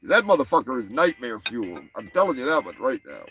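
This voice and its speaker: A man's voice: medium pitch, big pitch swings, fairly quick, a bit bright, soft background music. A man hosting a comedy show, delivering a rambling, crude monologue and stumbling over words. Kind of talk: profane comic monologue.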